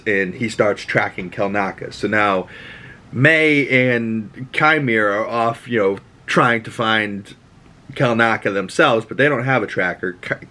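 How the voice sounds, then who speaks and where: A young man with a Boston accent and a somewhat low-pitched voice hosts his own show. He recaps a TV episode in a loose, profane, animated way, ranting as he goes. He breaks into quick voices for the characters he describes. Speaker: show host. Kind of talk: casual TV recap and rant.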